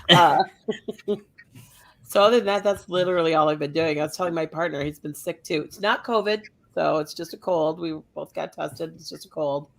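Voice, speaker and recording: A woman co-hosting a podcast over a video call, hoarse from a cold, joking and giggling. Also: fairly low pitch, fairly bright tone. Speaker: podcast co-host. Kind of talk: casual chat.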